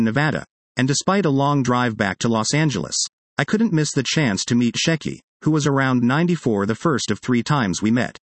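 Guy reading his own written tribute, bouncy lively pitch, deadpan on the jokes, dry sound. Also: dry recording. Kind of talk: scripted first-person narration.

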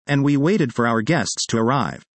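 A man reading a first-person magazine article aloud in a lively, expressive way. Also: medium pitch, normal speed, dry recording.

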